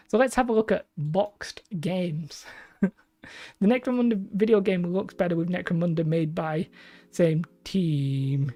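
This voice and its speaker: Rambling woman, mellow and low. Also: moderate pace, faint music behind. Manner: rambling, chatty, self-deprecating. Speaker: live-stream host. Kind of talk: casual live-stream chat reading comments.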